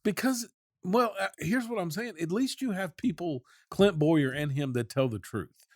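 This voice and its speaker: A man hosting a sports talk show, chatting casually with opinionated, quick back-and-forth banter. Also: high voice, animated, darkish tone, no room sound, clean studio sound.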